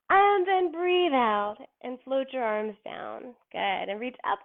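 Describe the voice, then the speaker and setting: A woman's voice: fairly high pitch, animated. Encouraging woman on a tinny line. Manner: encouraging, slow and sing-song when cueing poses. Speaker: children's yoga teacher. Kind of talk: gentle yoga instruction and storybook reading for kids. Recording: tinny phone-like sound.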